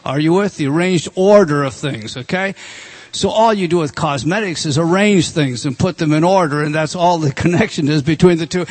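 Husky-voiced man preaching emphatically. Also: moderate pace. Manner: emphatic, drops to a low soft voice for scripture. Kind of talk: sermon.

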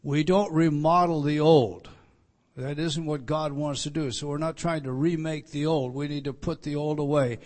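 A man preaches an evening sermon, walking his listeners through a text. He hammers points home by repeating them, with frequent restarts. His voice sits a little high for a man. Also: steady tone, moderate pace, hardly any pauses, darkish tone. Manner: emphatic, repetitive teaching with many restarts. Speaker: pastor.

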